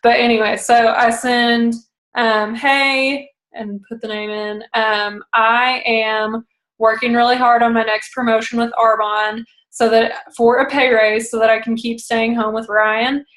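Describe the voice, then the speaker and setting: A woman's voice: a little high, flat delivery, unhurried, a bit bright. A young woman giving casual coaching advice on booking parties, chatty and acting out phone calls in quoted voices. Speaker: direct sales consultant coaching a team. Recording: roomy echo.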